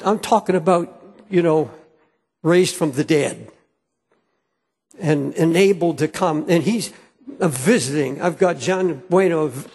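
A man's voice: fairly high pitch, a little mellow, slightly rough. A man preaching a sermon as pastor, earnest and fervent, often restarting his phrases. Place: church sanctuary. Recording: long hall reverb.

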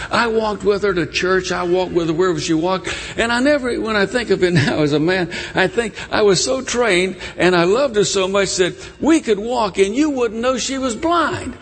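A man preaching a storytelling sermon, animated and emotional as he retells a story. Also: high voice, husky. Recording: long church reverb.

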